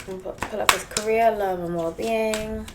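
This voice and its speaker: A woman's voice: medium pitch, fairly even intonation, moderate pace, very noisy. A woman with a South African English accent, a tarot reader talking casually and rambling, with frequent laughter. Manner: chatty, rambling, laughs often. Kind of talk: casual tarot reading monologue.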